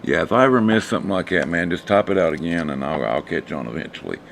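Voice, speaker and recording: A man, hoarse and losing his voice, casually talking through stock charts for a live stream audience. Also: sits low, fast, slight background noise. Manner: relaxed, rambling, talks to chat viewers.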